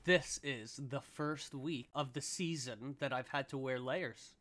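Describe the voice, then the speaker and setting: A man's voice: medium pitch, measured pace, fairly bright tone. An American man co-hosting a comedy podcast, chatting in an easygoing, agreeable way with laughter. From United States. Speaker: podcast co-host. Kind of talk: casual comedy podcast chat.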